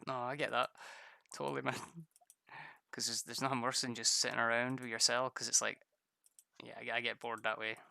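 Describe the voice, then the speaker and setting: A man's voice: mid-range voice, little pitch movement, fairly quick, creaky, pauses often, bright, forceful tone, dry recording. A man chatting casually while streaming a game, rambling, stammering and laughing often. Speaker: gaming streamer. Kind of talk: casual gameplay chat with viewers.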